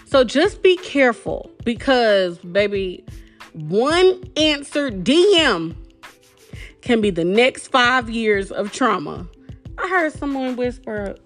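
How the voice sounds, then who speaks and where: Slow-talking sassy woman podcast host. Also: medium pitch, expressive, faint music behind. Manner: sassy, direct, calls listeners baby and girl. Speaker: self-love podcast host and coach. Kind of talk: casual podcast talk with affirmations.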